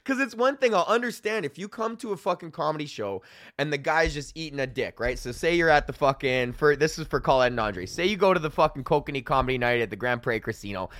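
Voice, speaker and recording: A young man hosting his own podcast, a stand-up comic who rants in a loose and constantly profane way. His voice sits a little higher than most men's. He keeps slipping into quick acted-out quotes of himself and others. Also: dry recording, studio quality. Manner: animated, swears constantly, acts out quotes. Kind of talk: casual profane rant.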